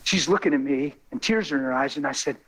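A man telling a testimony in a sermon, animated and folksy, building to excited exclamations. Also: medium pitch, quick pace, slightly rough, low-quality recording. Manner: colloquial, folksy phrasing.

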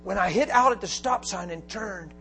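A man preaching a storytelling sermon, animated and often laughing, breaking into shouts for emphasis. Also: sits high, normal speed, slight background noise.

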